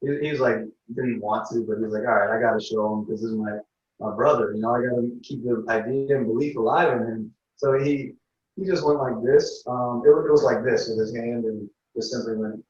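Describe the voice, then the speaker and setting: A man, an interview guest, telling a story in a casual, halting way and acting out what others said. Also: medium pitch, reverberant, recorded from a distance, muffled recording. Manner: animated, halting storytelling that acts out others' lines.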